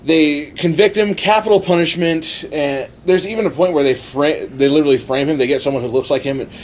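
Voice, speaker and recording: A man's voice: on the high side, brisk, a little hiss or hum. A man hosting a casual podcast chat, recounting a story with frequent laughter and acted-out quotes. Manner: animated retelling with acted quotes. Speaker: podcast host.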